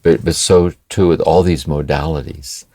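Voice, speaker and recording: A man's voice: a bass voice, steady tone, normal speed, warm tone, no echo. An older man, co-host of a spiritual podcast, talking in a meditative, reflective way and often asking "see?". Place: home by the ocean.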